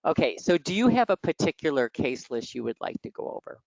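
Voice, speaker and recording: An exam prep tutor from Michigan teaches online over a video call, chatty, teasing and direct, with a nasal Midwestern American accent. Her deep, creaky, darkish voice swings widely in pitch and runs a little fast, in muffled, dry call audio.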